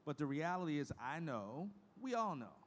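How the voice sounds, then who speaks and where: A man's voice: on the high side, sing-song, moderate pace. A man in his fifties giving a conference keynote as the head of an industry association, speaking frankly in a folksy way and moving from statistics into personal stories. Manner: frank, folksy, emotional storytelling. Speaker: association leader giving a presentation. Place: conference stage.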